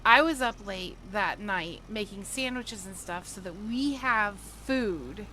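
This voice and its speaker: A woman's voice: medium pitch, lively intonation, slow pace, bright, forceful tone, a little hiss or hum, poor audio. A woman livestreamer chatting casually with viewers while gaming, telling stories and laughing often.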